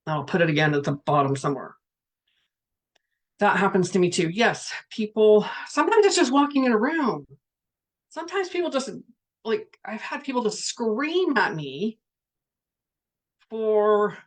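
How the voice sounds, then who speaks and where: A woman with a medium-pitched voice talks frankly and chattily as a spiritual coach during a casual livestream, reading viewer comments aloud.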